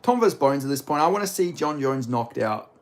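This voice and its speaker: A man's voice: mid-range voice, animated, fairly quick. Mumbling, rambling male streamer. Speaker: livestreamer reading chat. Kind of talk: casual live stream chat. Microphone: phone set down a bit.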